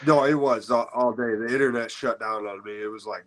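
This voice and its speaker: A man's voice: mid-range voice, steady tone, brisk, fairly bright tone, rough recording. Man, rapper guest, from Michigan, mid voice, loose and rambly, video call. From Michigan, USA. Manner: loose, laughing, many fillers. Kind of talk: casual video-call chat.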